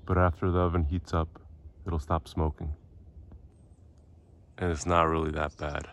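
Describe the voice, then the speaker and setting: A man's voice: a bass voice, little pitch movement, a little slow. A man vlogging about his morning chores in a wry, joking way, whispering early on. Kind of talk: casual home vlog.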